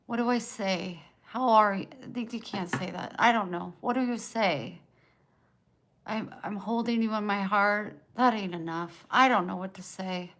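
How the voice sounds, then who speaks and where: A woman's voice: medium pitch, measured pace, a bit bright. A woman livestreaming from home, venting raw and emotional while she answers viewers by name.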